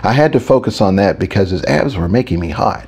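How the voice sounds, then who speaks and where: A man's voice: lowish voice, lively intonation, a little fast, a little mellow, slightly rough. A man narrating a first-person audiobook in an intimate, reflective storytelling manner.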